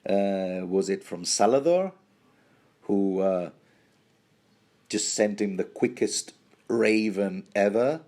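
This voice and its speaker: A man's voice: lowish voice, animated, slow pace, long pauses, mellow. A man hosting a rambling, jokey book commentary, often stumbling and restarting mid-sentence.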